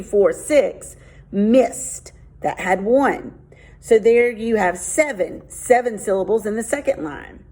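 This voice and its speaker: A woman's voice: medium pitch, a little mellow, slight background noise, low-quality recording. A woman teacher reading a children's book aloud and patiently explaining it, counting syllables out one by one. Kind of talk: children's read-aloud and lesson.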